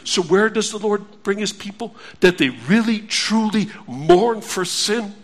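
A man's voice: sits high, expressive, unhurried. A man preaching a sermon, earnest and pleading, repeating phrases for emphasis.

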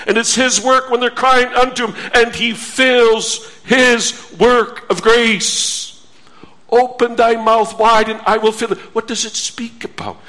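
A male preacher with a very high voice, delivering a sermon at a slow, deliberate pace. He asks earnest rhetorical questions and reads scripture aloud. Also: a bit bright.

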